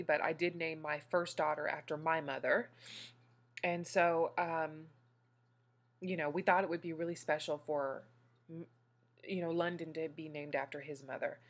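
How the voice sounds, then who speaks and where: Gushing woman vlogger, new mom. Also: low-pitched. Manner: gushing and emotional, talks straight to her viewers. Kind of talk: casual talk to viewers.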